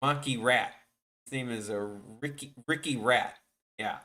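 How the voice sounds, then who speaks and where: A man's voice: mid-range voice, unhurried, pushed and bright. A man chatting casually with viewers on his animation live stream, rambling and joking, often trailing off mid-sentence.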